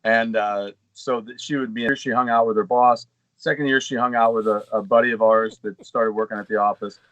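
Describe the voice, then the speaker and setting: A man's voice: mid-range voice, steady tone, brisk, fairly bright tone, dry recording, highs cut off. A middle-aged man co-hosting a gaming podcast, telling long rambling anecdotes in casual chat. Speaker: podcast co-host.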